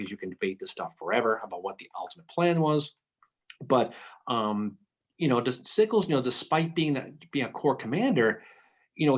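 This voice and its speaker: A man talking through a history topic on a casual podcast, thinking aloud with frequent restarts. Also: medium pitch. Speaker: podcast panelist.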